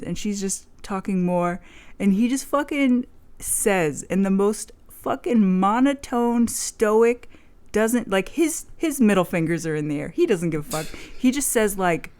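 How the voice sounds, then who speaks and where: A woman's voice: mid-range voice, darkish tone. A young woman in casual chat, rambling with lots of "like" fillers and frequent swearing. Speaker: vlogger.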